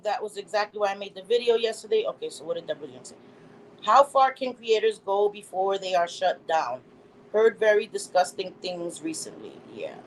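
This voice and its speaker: A middle-aged woman hosting a casual live stream, reading chat comments aloud and telling stories in an animated way, laughing often. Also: mid-range voice, slight background noise, poor audio. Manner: animated storytelling, laughs often, acts out quotes.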